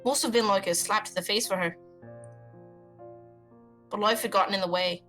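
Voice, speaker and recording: A woman streamer reading a story game aloud with expressive commentary and swearing. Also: mid-range voice, soft background music, rough recording. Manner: expressive, swearing, quick reactions.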